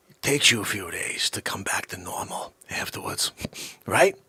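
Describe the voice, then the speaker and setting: A man hosting a comedic vlog, excitable and rambling, swinging from shouts down to whispers. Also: mid-range voice, measured pace, vocal fry, slightly rough, no room sound. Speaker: host.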